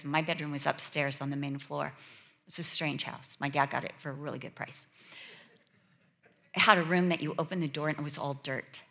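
A woman preaching a sermon, telling a childhood story with lively acted-out voices. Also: low voice. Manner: animated, acts out quoted voices and childhood fears.

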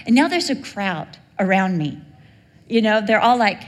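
A woman with a voice on the high side preaches a sermon at a moderate pace, telling stories animatedly and acting out the voices of the people in them. The recording carries a long hall reverb.

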